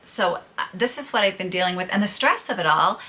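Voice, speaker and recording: A woman's voice: mid-range voice, lively intonation, a little fast, pushed and bright. A middle-aged woman vlogging to her viewers, telling her personal troubles in a candid, chatty way and laughing through them. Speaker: podcaster and vlogger. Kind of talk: casual personal storytelling to viewers.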